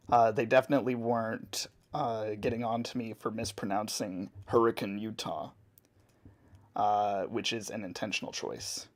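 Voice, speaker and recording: A man casually answering chat questions while drawing on a live stream, relaxed and chatty. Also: on the low side, moderate pace.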